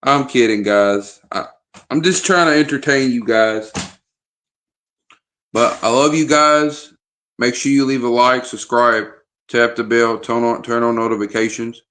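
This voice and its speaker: A man's voice: medium pitch, unhurried, a bit bright. A man vlogging in a casual chat to camera, rambling and hesitant with frequent restarts.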